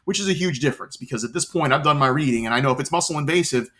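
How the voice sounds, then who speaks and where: A man's voice: a little high, rapid-fire, a bit bright. A middle-aged man from Florida telling his story in an interview, earnest and often repeating words as he searches for them. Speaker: cancer patient interviewee.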